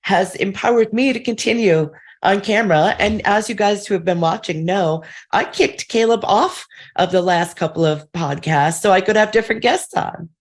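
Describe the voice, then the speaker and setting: A woman chatting on a podcast in a candid, self-deprecating way. Her voice sits at an ordinary middle pitch. She speaks in a loose, conversational manner. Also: moderate pace, hardly any pauses. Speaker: podcast guest. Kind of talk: casual podcast chat.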